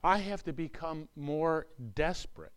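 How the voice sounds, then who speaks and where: A man preaching a sermon in an earnest, repetitive way, swinging between loud urgent lines and hushed asides. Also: a little high, unhurried, smooth. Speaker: pastor.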